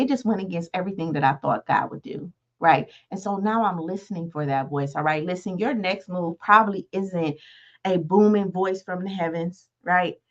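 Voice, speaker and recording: Woman, 30s, motivational host, chatty and repetitive, mid-pitched, slightly muffled lo-fi recording. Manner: conversational, repeats "right?" to the listener. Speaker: podcast host. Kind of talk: motivational talk.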